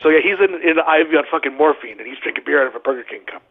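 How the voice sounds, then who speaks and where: A man spins wild stories in a rambling, profane way, checking in with "right?" as he goes. His voice sits a little high and husky, squeezed through a thin, phone-like line. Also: very fast. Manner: animated, profane anecdote-telling with frequent "right?". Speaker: guest, former pro wrestler. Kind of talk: casual storytelling on a podcast.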